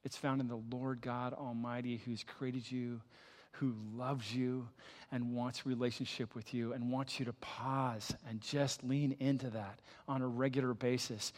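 An older man preaching a sermon as a pastor, telling a personal story with energy, then dropping to a soft, hushed voice in prayer. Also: medium pitch, little pitch movement, unhurried, big-room sound. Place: church sanctuary.

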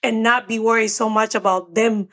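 A woman's voice: a little high, fairly even intonation, moderate pace, fairly bright tone. A woman therapist co-hosting a casual podcast chat, earnest and reflective as she talks through her anxieties. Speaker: podcast co-host.

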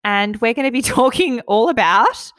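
A woman's voice: on the high side, lively intonation, normal speed, a bit bright, dry recording, clean studio sound. A woman in her thirties hosting a podcast, telling stories in a giggly, self-mocking way. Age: 30s. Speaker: podcast host. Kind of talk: casual chat.

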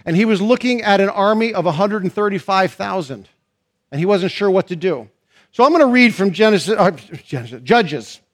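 Brief: high-pitched male pastor, preaching style, builds and stretches key lines. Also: expressive. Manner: preaching with rising emphasis, drawn-out stressed phrases. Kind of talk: sermon.

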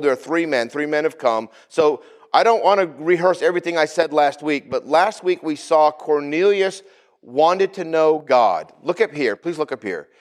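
A man preaches to his congregation in a church. His voice sits a little high and swoops widely as he talks. He acts out scenes from scripture with sudden jumps in his voice. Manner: animated, acts out Bible figures with sudden pitch jumps. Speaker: pastor. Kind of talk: sermon.

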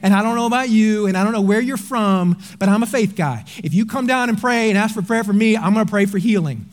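A man preaching a sermon as pastor, telling a story with animated energy and then dropping into quiet, earnest appeals. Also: sits high, fast.

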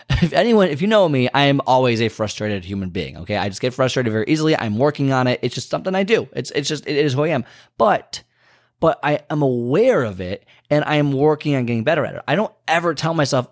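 A man giving a casual motivational talk straight to listeners. He keeps checking in with "okay?", stretches key words slowly, and jumps in pitch and speed to stress a point. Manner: animated, leaps in pitch and speed for emphasis. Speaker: motivational speaker.

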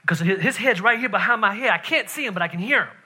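A man preaching a sermon, telling a story with laughter and "right?" asides, then dropping to a hushed, intense delivery. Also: high-pitched, fast talker, slightly rough.

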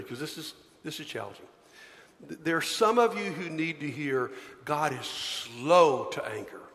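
Pastor guy w a high voice pleading thru a sermon, echoing in a big church hall. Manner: earnest pleading preaching, swinging from hushed to loud. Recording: long hall reverb.

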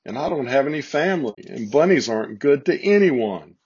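A lonely little storybook bunny, earnest and close to tears, as a man reads him. The voice is husky and pleading. The recording sounds slightly dull and lo-fi. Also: big pitch swings, fairly quick, darkish tone. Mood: tearful. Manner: tearful, pleading, higher than his narration.

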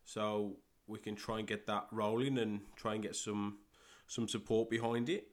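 Here a soccer coach who also hosts a podcast talks solo, a young man from England whose accent is West Midlands. Delivery is halting, full of repetitions and filled pauses, in a low voice that doesn't vary much.

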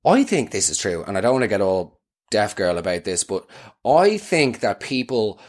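A man's voice: fairly low pitch, very animated, moderate pace. A young man hosting a podcast, telling comic stories in a rambling, self-mocking way and laughing through them. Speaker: podcast host. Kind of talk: comedic storytelling.

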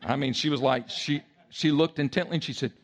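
A male pastor preaching a sermon, telling a story in a lively way and acting out voices and sounds. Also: fairly high pitch, brisk, vocal fry, noisy background.

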